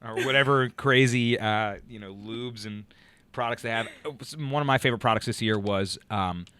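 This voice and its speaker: A young man co-hosting a casual radio-style chat show, relaxed and joking, with lots of fillers. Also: medium pitch, moderate pace, smooth, no echo. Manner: laid-back, joking, loose with fillers. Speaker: podcast co-host.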